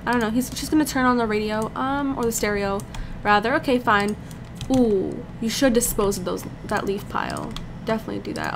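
A young woman with a slightly high voice gives chatty, easily excited commentary while playing a life-sim game, talking to the characters on screen as a let's play commentator. There's slight background noise.

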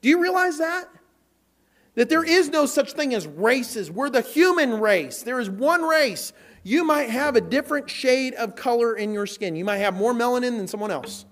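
A man preaching a sermon in a church as the pastor, animated, acting out quotes and repeating words as he goes. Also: very high-pitched, normal speed.

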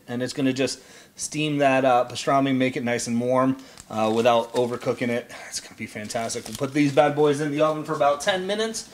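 A man's voice: fairly high pitch, slight background noise. A man hosting a casual cooking show in a home kitchen, chatty and jokey as he gives step-by-step instructions.

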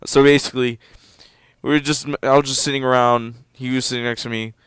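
A teenage boy casually commenting on a game he plays, given to sudden loud excited outbursts. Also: fairly quick, clear, resonant tone, dry recording. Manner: excitable, jumps into loud high-pitched outbursts. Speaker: gameplay commentator. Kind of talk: casual let's-play commentary.

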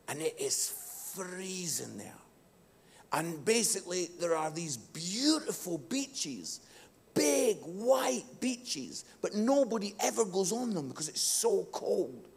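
A middle-aged male pastor preaching a live sermon in church, impassioned and swinging between hushed tones and shouting. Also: on the high side, creaky, slightly rough.

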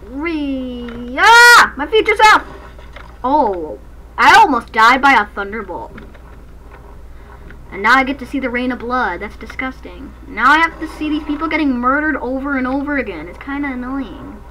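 A woman hosting a gaming channel, giving excitable, jokey let's-play commentary from a dark room at night and breaking into snatches of song. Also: high-pitched, normal speed, slight background noise, poor audio.

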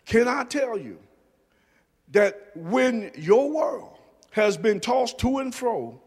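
Brief: male pastor, sermon delivery, very high voice and slow pace, soft-to-shouting dynamics. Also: very animated, slightly rough, big-room sound. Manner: swings from soft low murmurs to shouted emphasis. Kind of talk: preaching a sermon. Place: church sanctuary.

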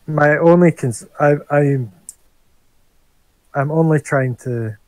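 A man, playing a tabletop game and thinking aloud in a hesitant way, with frequent pauses. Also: fairly high pitch, no echo, low-quality recording. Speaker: player. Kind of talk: casual game table chat.

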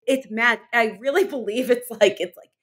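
A woman's voice: fairly high pitch, moderate pace, a bit bright, breathy edge. Enthusiastic rambling woman guest. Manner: rambling, enthusiastic, many fillers like "like". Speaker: holistic health coach, guest. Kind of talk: conversational interview.

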